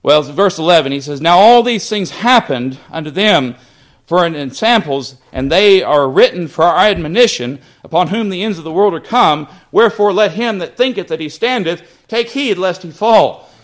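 A man preaching a sermon, rising to fervent emphasis on key lines and dropping low and quiet when he tells personal stories. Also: expressive, normal speed.

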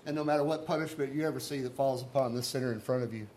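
Male pastor, earnest conversational sermon delivery, medium pitch, light background noise. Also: steady tone, rapid-fire, darkish tone. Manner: earnest, conversational preaching with rhetorical questions.

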